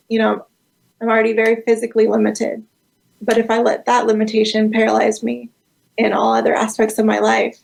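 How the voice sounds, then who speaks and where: A woman guest in an interview, answering in a calm, reflective, measured way. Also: on the high side, vocal fry, low-quality recording.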